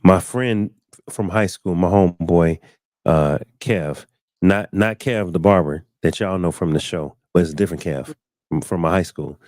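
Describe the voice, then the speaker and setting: A show host in his thirties tells a personal story casually on a live talk stream, at a moderate pace, animatedly acting out quoted lines with sudden high jumps in his voice. The studio mic gives clean, dry sound.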